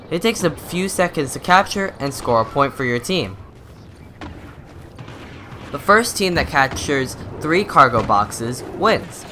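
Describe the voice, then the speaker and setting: A young man reading a methodical, scripted gameplay tutorial voice-over into a close microphone. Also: fairly high pitch. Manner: methodical, instructive. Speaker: gaming YouTuber.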